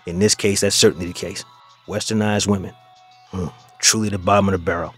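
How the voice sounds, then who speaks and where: A man's voice: deep voice, fairly even intonation, brisk, a bit bright, husky, soft background music. A man hosting a reaction video, giving mocking commentary and addressing his listeners as fellas.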